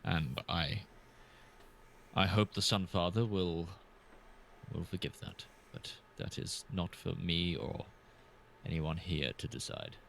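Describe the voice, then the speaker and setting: A guilt-ridden cleric who worships a sun god, as a man puts him on at the gaming table. He speaks in a low, gravelly voice with a tense edge, slow and solemn, and pauses as he confesses. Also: a bit bright, slight background noise, full character voice. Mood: solemn, remorseful. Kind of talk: tabletop role-play in character.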